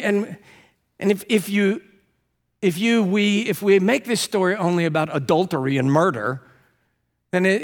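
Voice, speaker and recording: A man delivers a sermon in a church with a long, ringing reverb. His voice sits a little high for a man. He tells stories with animated energy and climbs even higher when he acts out other people's lines. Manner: animated, rising to high excited pitch when quoting. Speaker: preacher. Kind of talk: sermon with storytelling. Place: church sanctuary.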